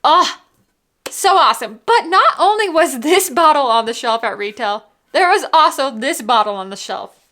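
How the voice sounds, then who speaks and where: Bright, bubbly high-voiced woman vlogger. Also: lively intonation, normal speed. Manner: bubbly, gushing, says "like" and "literally" often. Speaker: whiskey vlogger. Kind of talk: casual excited vlog.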